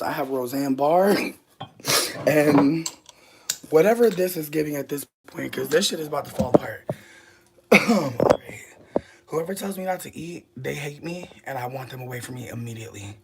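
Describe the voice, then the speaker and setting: A woman's voice: low voice, noisy background. Brash, rambling woman from the US. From United States. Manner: profane, rambling, playfully brash, jumps between mutters and loud bursts. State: a little out of breath. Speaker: vlogger. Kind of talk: casual chat to camera.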